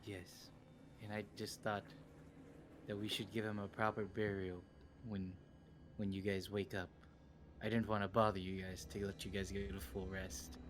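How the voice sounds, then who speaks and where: A young man playing his character in a tabletop game, speaking softly with halting restarts. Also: lowish voice, level tone, noisy background. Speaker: player.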